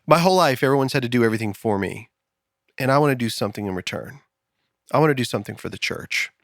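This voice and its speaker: A man's voice: medium pitch, expressive, quick pace, creaky, no room sound, studio quality. A man voicing an earnest disabled man in a joke he is telling, in a sincere, pleading way.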